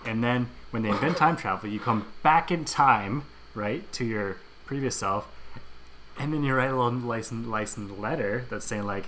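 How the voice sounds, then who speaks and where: A man co-hosting a comedy podcast, earnestly pitching absurd ideas with a straight face. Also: moderate pace, background noise. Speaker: podcast co-host. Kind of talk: comedic banter.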